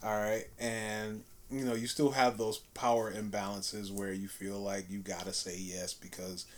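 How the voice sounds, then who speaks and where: A man's voice: on the low side, level tone, a little slow. A man in his thirties, a podcast co-host, talking emphatically in slangy casual banter and acting out quotes.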